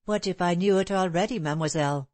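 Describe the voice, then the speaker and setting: A woman voicing an earnest, loyal young gentleman who pleads urgently in an audiobook reading. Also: on the low side, fast, dry recording, lightly acted.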